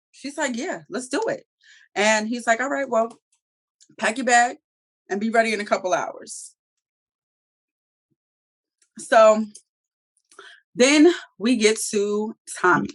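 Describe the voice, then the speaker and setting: Higher-voiced woman, animated and cussing, recapping a tv episode and doing all the character lines. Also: slow pace, long pauses. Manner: animated, profane, acts out quoted characters. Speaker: TV review podcast co-host. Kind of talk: casual recap chat.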